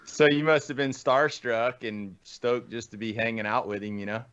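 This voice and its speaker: A man's voice: mid-range voice, fairly even intonation, moderate pace, fairly bright tone, clear, resonant tone, highs cut off. A man co-hosting a casual chat, supportive and asking follow-up questions. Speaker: co-host.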